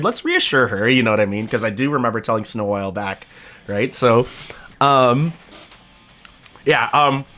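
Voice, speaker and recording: A man streaming live, telling a rambling, excitable story and chatting with his viewers, his voice a little worn from a convention. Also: medium pitch. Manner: excitable, rambling storyteller who addresses chat. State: voice recovering from a convention. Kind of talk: casual live-stream chat.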